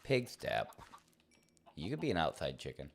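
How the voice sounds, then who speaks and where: A man's voice: very deep voice, wildly swooping pitch, normal speed, creaky, slight background noise. A man casually commenting as he plays a game, playful and rambling, talking to himself and to the game. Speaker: streamer.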